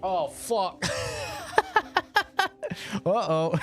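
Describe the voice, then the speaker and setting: A man's voice: on the low side, lively intonation, measured pace, over music. A man streaming a horror game live, chatting casually and teasing viewers with plenty of swearing. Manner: teasing, profane, rambling.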